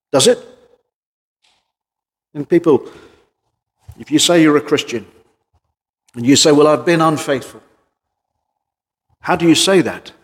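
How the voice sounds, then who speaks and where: A man preaching a sermon in an earnest voice, pressing his points with rhetorical questions and swinging between loud emphasis and quieter passages. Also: on the high side, long reverb tail.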